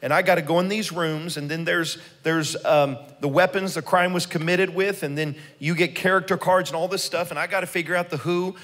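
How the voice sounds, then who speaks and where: A man preaching a sermon as pastor, telling stories in an animated way and leading the congregation in call-and-response. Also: a little high, fairly quick, few pauses. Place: church sanctuary. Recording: long hall reverb.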